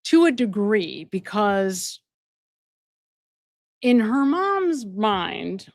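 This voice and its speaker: A woman hosts a live stream in an emphatic, conversational way, often repeating phrases to drive a point home. Her voice sits in a middle pitch. The sound is dry and close, with no room echo. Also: very animated, very slow, gravelly. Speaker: host and addiction counselor. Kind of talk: live-stream commentary, reading viewer donations.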